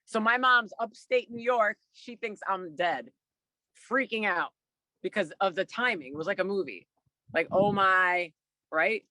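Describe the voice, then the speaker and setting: A middle-aged man telling his own story over a video call, animated and full of fillers, acting out what people said. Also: high voice, no room sound, rough recording. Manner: animated, acts out quotes, many fillers. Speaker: guest speaker. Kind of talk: personal storytelling to a remote audience. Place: outdoors by the water.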